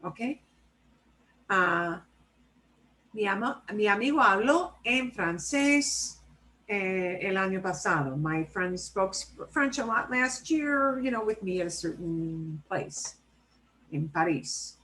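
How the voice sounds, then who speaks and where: A woman's voice: mid-range voice, lively intonation, slow pace, bright, forceful tone, poor audio. A woman teaching a language class over a video call, chatty and explanatory, checking in often with "right?" and "okay?". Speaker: Spanish teacher. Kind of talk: casual online class teaching.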